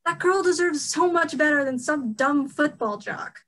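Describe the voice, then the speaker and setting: A woman's voice: high voice, expressive, normal speed, a bit bright, low-quality recording. A young woman playing a protective, blunt teenage girl on stage, scolding sharply. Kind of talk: stage play acting.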